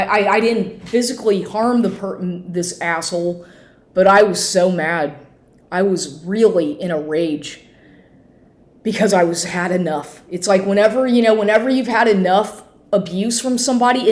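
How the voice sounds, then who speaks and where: A woman recording herself on a phone at home, telling an emotional personal story in an agitated, halting way with many restarts and swearing. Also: on the low side, darkish tone. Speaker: vlogger. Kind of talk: emotional personal account to camera. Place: at home, inside and on the porch.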